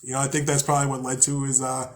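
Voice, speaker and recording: A man's voice: mid-range voice, monotone, fast. A young man hosting a podcast, talking casually and loosely about spirituality, swearing often, laughing at himself and sometimes acting out angry voices. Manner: rambling, profane, laughs at himself. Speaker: podcast host.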